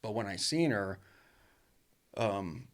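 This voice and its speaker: A man's voice: fairly low pitch, lively intonation, takes it slowly. A man telling his life story as a podcast guest, blunt and profane, rambling with restarts and lots of "dude" and "like". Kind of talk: casual storytelling.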